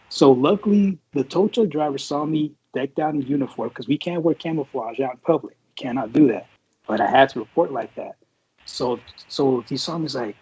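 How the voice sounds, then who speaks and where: A man's voice: medium pitch, brisk, darkish tone, husky, poor audio. A man in his forties from the Bay Area, a Marine veteran and podcast co-host, telling stories in a rambling, profane way, full of fillers. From San Francisco Bay Area. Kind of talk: casual storytelling chat.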